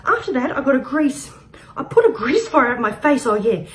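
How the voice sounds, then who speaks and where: A woman with a high voice performs a comic spoken-word piece. She rambles through an absurd story, laughing often. She swings between loud shouted bursts and quiet, muttered asides. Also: sing-song, normal speed, slight background noise. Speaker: open-mic performer.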